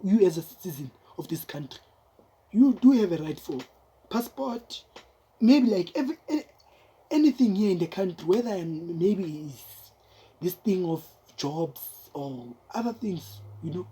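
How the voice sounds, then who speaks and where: A woman's voice: on the low side, animated, normal speed, dark tone, slightly rough. A young South African woman with a South African accent, talking straight to her viewers in casual, emphatic commentary, repeating herself and calling them guys.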